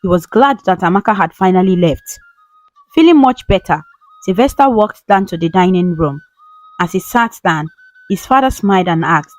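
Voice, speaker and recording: A woman reading a scripted story in a steady, even narration. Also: mid-range voice, normal speed, soft background music, poor audio.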